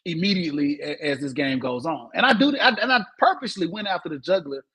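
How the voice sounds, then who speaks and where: A man hosting a casual sports talk podcast, energetic and ending nearly every phrase with "man". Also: on the high side, fast, slightly rough, poor audio. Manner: energetic, tags "man" onto most phrases. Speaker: podcast host.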